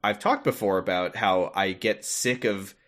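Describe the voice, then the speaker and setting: A man's voice: lowish voice, unhurried, fairly bright tone. A man co-hosting a podcast, casually chatting and animatedly retelling film scenes. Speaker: podcast co-host. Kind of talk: casual chat.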